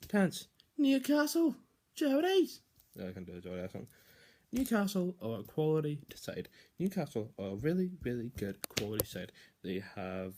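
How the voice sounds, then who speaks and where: A man's voice: lowish voice, a little mellow. A young man casually giving football predictions, rambling, swearing and restarting sentences often.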